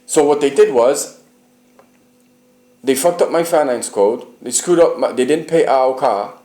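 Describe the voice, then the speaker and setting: A man's voice: medium pitch, moderate pace, mellow, reverberant. A man from the United Kingdom telling his personal story in an interview, emphatic and profane, often asking the listener whether he is right.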